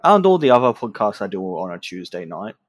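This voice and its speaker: A man's voice: lowish voice, very animated, fairly quick, no echo. A man co-hosting a casual podcast, tired and self-deprecating. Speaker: podcast co-host. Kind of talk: casual chat.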